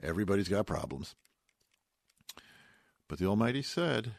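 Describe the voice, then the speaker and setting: A man's voice: on the low side, big pitch swings, normal speed, husky, no room sound, clean studio sound. A man giving a sermon on the weekly Bible portion, telling it as a story with folksy asides and Hebrew words mixed in. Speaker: rabbi giving a weekly Torah talk.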